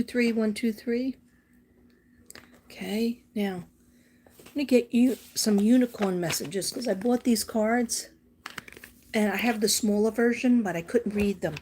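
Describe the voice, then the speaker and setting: A woman's voice: mid-range voice, background noise. A woman giving a casual psychic card reading in a chatty, homespun way, rambling with small asides. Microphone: phone camera.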